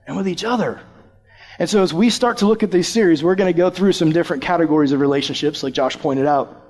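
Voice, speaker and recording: Young male youth pastor, lively storytelling sermon voice, a touch higher-pitched. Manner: animated, acts out voices from his story.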